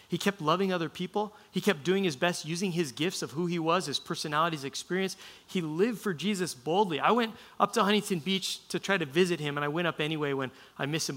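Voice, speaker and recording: Bright-voiced, casual male preacher. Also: fairly high pitch. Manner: casual, conversational preaching with frequent restarts. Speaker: pastor. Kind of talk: sermon.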